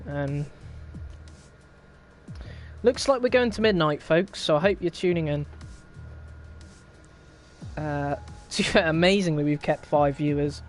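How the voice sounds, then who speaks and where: A man's voice: a little high, unhurried, pauses often, soft background music. A young man hosting a racing league stream, chatting casually in a wry, rambling way and laughing often. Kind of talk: casual live-stream chat.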